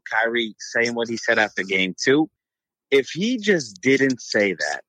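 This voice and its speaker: A man's voice: mid-range voice, very animated, measured pace, sharp tone. A man, a podcast co-host, giving blunt, profane opinions in casual sports chat.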